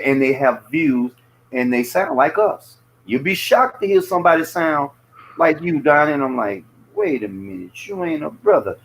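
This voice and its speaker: Southern-accented man, casual guest on a chat podcast, loose and profane, mid-pitched voice. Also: rough recording. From American South.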